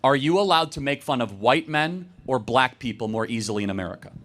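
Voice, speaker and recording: A man hosting a campus debate, arguing quickly and assertively with audience members, with a sarcastic streak. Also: medium pitch, animated, a bit bright, a little hiss or hum. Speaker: debate host taking audience questions.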